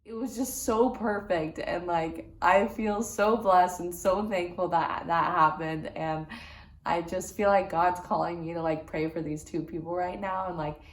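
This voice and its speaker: A woman's voice: lowish voice, unhurried. Chatty young woman in an echoey room. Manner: chatty, lots of "like", excited retelling. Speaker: vlogger. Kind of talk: casual faith vlog storytelling.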